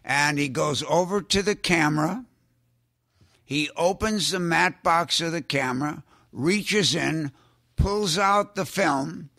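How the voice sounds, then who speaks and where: An older man telling show-business anecdotes in an unhurried way, chuckling and dropping his voice low when he quotes people. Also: sharp tone, no room sound, clean studio sound. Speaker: guest actor telling stories. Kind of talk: anecdotal storytelling.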